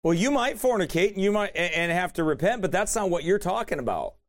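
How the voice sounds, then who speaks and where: A man's voice: high-pitched, fast talker. A man preaching a sermon, retelling an encounter in a colloquial, emphatic way and repeating key points. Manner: animated, colloquial, emphatic repetition.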